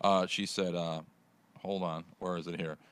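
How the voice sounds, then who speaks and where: A man's voice: low-pitched, flat delivery, normal speed, smooth. A man hosting a morning radio show, chatting and joking with his crew, laughing often. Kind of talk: casual talk radio banter.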